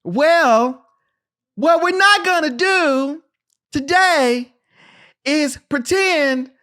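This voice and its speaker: A podcast host parodying an over-dramatic woman army captain lecturing, with drawn-out sing-song delivery. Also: high-pitched, expressive, sharp tone, voice pushed up, exaggerated voice. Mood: mocking.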